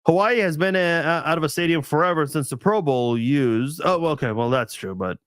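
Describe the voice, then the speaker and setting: A man's voice: fairly high pitch, lively intonation, fairly quick, a bit bright, smooth, no echo. A man hosting a casual live stream chat, thinking aloud with lots of restarts and fillers.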